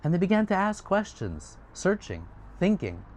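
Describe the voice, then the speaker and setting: A man's voice: high-pitched, moderate pace. Casual male storyteller. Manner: conversational, animated retelling.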